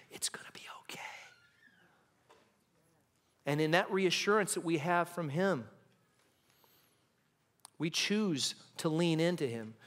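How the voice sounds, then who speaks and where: Pastor with a high voice, delivering a sermon that swells to passion and sinks to near-whispers. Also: male voice. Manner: impassioned preaching, swelling and dropping to hushed tones. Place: church sanctuary.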